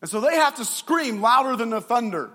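A male pastor preaching a sermon in a playful, animated way, acting out voices. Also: very high-pitched, fairly quick, in a large hall.

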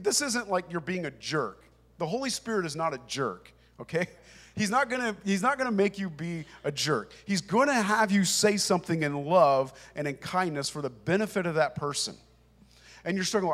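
Conversational preacher, slightly high voice. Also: male voice, expressive, normal speed, fairly bright tone. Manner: conversational, emphatic, talks to the congregation. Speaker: pastor. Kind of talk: sermon. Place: church with congregation.

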